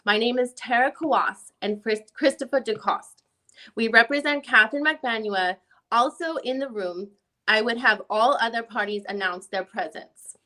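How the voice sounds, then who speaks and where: A woman's voice: a little high, bright, forceful tone. A woman reading the part of a defense lawyer with a put-on Jamaican accent, questioning a witness in a formal, methodical way during an amateur dramatic reading.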